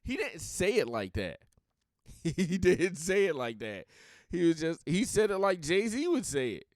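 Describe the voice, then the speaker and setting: A man's voice: fairly high pitch, big pitch swings, measured pace, no echo, clean studio sound. A man hosting a podcast, talking bluntly in a rambling, opinionated casual monologue. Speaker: podcast host.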